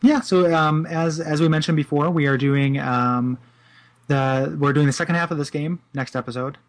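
A man's voice: on the high side, fairly even intonation, normal speed. A man co-hosting a casual podcast, enthusiastic and stumbling over repeated words. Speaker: podcast co-host.

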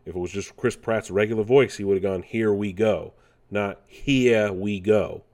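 A man's voice: fairly low pitch, fairly even intonation, normal speed, darkish tone. A man casually hosting gaming news, rambling with many fillers and restarts. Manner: rambling, with frequent fillers and self-corrections.

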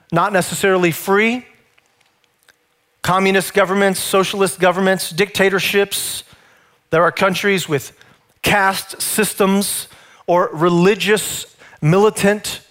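A male pastor with a high, light voice delivers a sermon. He talks in a conversational storytelling manner and speaks to his listeners directly. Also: a bit bright.

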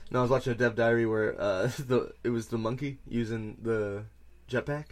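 Young male podcast host, loose excitable gamer chat, mid pitch. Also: normal speed. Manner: animated, swearing, lots of fillers. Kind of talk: casual gaming chat.

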